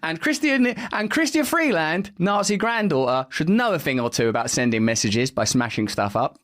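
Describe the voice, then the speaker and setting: A man rants through news clips in a sarcastic, mocking way, and his pitch swings widely as he talks. He swears casually and sounds like a podcast host doing running commentary. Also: lively intonation, normal speed, fairly bright tone.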